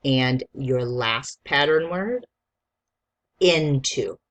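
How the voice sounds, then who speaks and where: Teacher, spelling dictation lesson, very slow unhurried delivery, letter-by-letter spelling, patient and encouraging. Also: medium pitch. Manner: encouraging, patient instructions to a young student.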